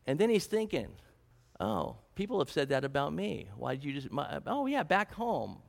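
Animated male preacher in a reverberant hall. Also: a little high, moderate pace, creaky. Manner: animated storytelling, acts out quotes. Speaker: pastor. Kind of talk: sermon.

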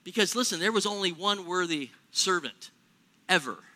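A man preaching a sermon in a church, animated, acting out little everyday scenes in other voices. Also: sits high, normal speed. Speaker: pastor.

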